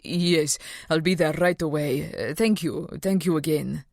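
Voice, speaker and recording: A grateful man speaks politely, with small hesitations, voiced by a woman narrator. The voice is lowish and recorded close and dry. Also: measured pace, a little mellow, no echo.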